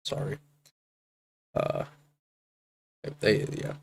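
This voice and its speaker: A man's voice: lowish voice, fairly quick, a little mellow, a little hiss or hum. A man streaming, reading along and commenting in a laid-back, filler-heavy way with mumbled asides. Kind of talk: casual commentary.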